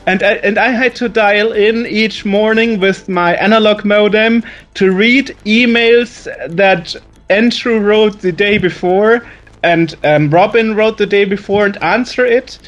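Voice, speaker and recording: A man with a German accent speaks with a high voice as a guest. He reminisces in a chatty, storytelling way and stumbles over words now and then. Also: a little slow, fairly bright tone, muffled recording, faint music behind. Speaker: guest, magazine editor. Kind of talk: casual reminiscing.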